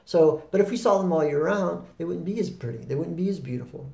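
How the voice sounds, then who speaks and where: A man giving a reflective spoken talk on happiness, relaxed and rambling, with fillers and restarts. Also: on the high side, quick pace, vocal fry, roomy sound. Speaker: spiritual talk host.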